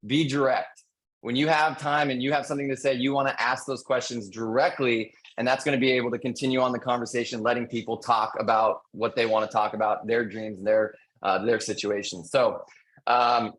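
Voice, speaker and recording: A man who is a real estate agent, presenting call scripts on a panel webinar in an energetic coaching manner, repeating his key points. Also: medium pitch, low-quality recording.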